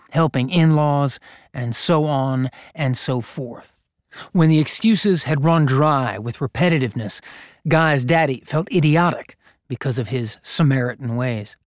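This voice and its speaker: A man reading a gritty story aloud in a measured, deliberate narration. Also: mid-range voice, no echo, clean studio sound. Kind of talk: scripted narration.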